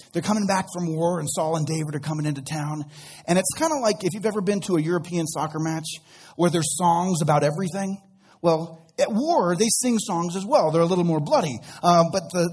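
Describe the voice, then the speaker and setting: Man, pastor, sermon, conversational, acts out quotes, husky, high-pitched. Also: darkish tone. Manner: storytelling with acted-out quotes; conversational, uses casual slang.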